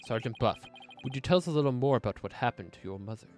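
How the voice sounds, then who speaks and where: A man voicing a calm male courtroom questioner who asks measured, probing questions. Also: mid-range voice, faint music behind, close to an everyday voice.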